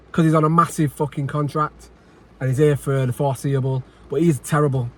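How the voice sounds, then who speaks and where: A man's voice: fairly high pitch, steady tone, fairly quick. A man giving an angry post-match reaction, frustrated and sweary, repeating himself and sighing. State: agitated. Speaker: football fan channel host.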